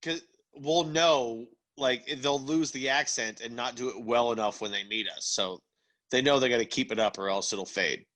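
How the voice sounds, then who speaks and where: A man's voice: mid-range voice, a bit bright, low-quality recording. A young man co-hosting a comedy podcast, trading playful jokes. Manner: drawn-out, playful banter. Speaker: podcast co-host. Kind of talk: casual comedy podcast chat.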